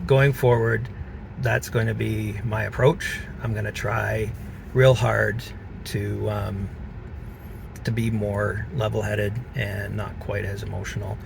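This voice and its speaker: A man vlogging from a car, talking in an earnest, halting way with many fillers. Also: on the low side, level tone, gravelly, background noise. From Canada. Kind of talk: reflective personal vlog.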